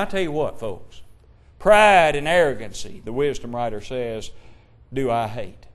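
Man preaching with dramatic swings. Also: on the high side. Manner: rhetorical questions, swings from loud emphasis to hushed tones; King James scripture quotations. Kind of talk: sermon.

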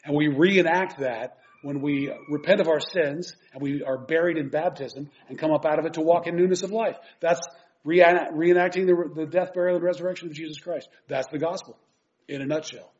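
A man's voice: on the high side, a little fast. A man preaching a sermon earnestly and emphatically, reading scripture aloud and explaining it. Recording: dull lo-fi recording.

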